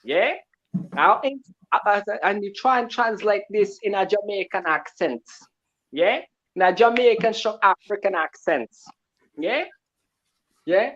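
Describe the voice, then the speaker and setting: A man's voice: high voice, lively intonation, a little slow, long pauses, fairly bright tone, muffled recording. A man in his twenties from Portugal, calling in to a live show with a combative rant and a habit of asking "yeah?" after his points. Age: 20s. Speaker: caller. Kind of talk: fired-up call-in rant.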